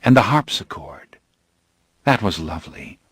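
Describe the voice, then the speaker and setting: A calm vampire of great age tells his story. His voice sits very low and speaks gravely, without haste. The recording is dry and close. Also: no echo, heavily acted. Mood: brooding. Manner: measured, grave and unhurried. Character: calm, brooding centuries-old male vampire. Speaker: narrator.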